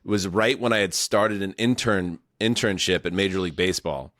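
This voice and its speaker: Low-voiced wry podcast host, dry sound. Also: male voice, fairly quick, a bit bright, no room sound. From New York area. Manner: wry, meandering, jokey. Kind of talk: casual podcast chat.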